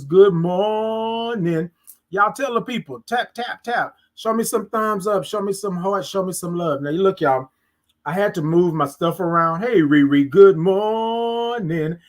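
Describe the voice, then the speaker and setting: Guy with a high voice running a morning livestream, stretches out his good mornings, talks y'all-style into a close mic. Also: fairly bright tone. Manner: drawn-out sing-song greetings to viewers; Southern US vernacular, "y'all". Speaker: livestream morning show host. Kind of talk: casual livestream chat. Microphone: close mic, moved nearer.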